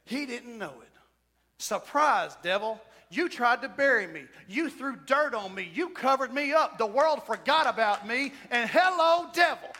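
A man preaching a sermon as pastor, with shouted whoops and emphatic repetition. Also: extremely high pitch, lively intonation, unhurried. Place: church sanctuary. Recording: church hall reverb.

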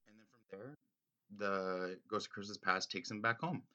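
A man's voice: fairly low pitch, normal speed, bright, forceful tone, muffled recording. A man giving casual, rambling spoken commentary on a story, full of fillers and restarts. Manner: rambling, filler-heavy, enthusiastic. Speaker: reader discussing a classic story.

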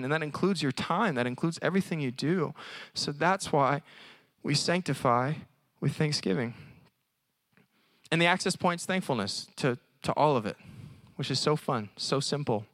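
A man preaching at a college service in a conversational, animated way, often acting out little voices. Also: on the high side, moderate pace, dry recording. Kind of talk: sermon.

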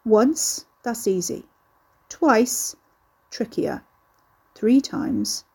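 Brief: a woman playing a surly, mocking young man in a storybook reading; husky, mellow tone. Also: fairly high pitch, sing-song, drawn-out words, heavily acted. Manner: sneering, cursing.

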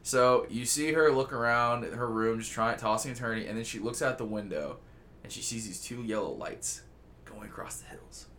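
A man casually telling a long story on a podcast, rambling, jokey and full of swearing. His voice is bright and forceful and sits at a middle pitch. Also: normal speed, a little hiss or hum. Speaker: podcast host.

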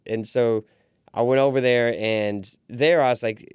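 Animated man telling a story, dry sound. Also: mid-range voice, moderate pace, clean tone, no room sound. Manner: animated storyteller who acts out quoted voices. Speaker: restaurant owner, podcast guest. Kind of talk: storytelling in a casual interview.

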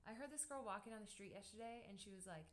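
A woman's voice: medium pitch, racing. A woman hosting a casual podcast, reading through a list of tips in a chatty, playful way. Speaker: podcast host.

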